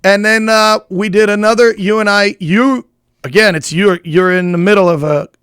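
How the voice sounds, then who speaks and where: A man's voice: high voice, steady tone, normal speed, fairly bright tone, clear, resonant tone, dry recording, clean studio sound. A middle-aged man co-hosting a casual comedy chat, rambling with restarts and laughing often. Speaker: comedian co-host.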